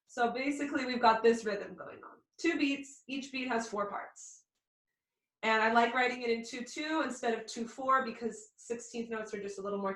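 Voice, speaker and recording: Young woman teaching fiddle online, kinda high voice, counts beats out loud, roomy echo. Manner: friendly explaining, counts rhythms aloud. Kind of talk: online music lesson. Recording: echoey room.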